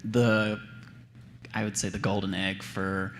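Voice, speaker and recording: A man, a hurdler, answering at a press conference in a measured, explanatory way. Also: lowish voice, little pitch movement, big-room sound, a little hiss or hum.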